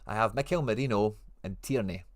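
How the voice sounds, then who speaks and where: A man's voice: fairly low pitch, a little fast, no room sound. A man with a Scottish accent hosting a casual livestream, reading out viewer comments and answering them in informal, friendly slang. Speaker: livestream host.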